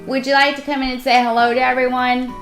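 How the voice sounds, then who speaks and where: A woman streaming herself playing a cozy game, chatting casually with viewers and gushing with excitement over what she builds. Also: sits high, fast talker, faint music behind. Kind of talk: casual live-stream chat while playing.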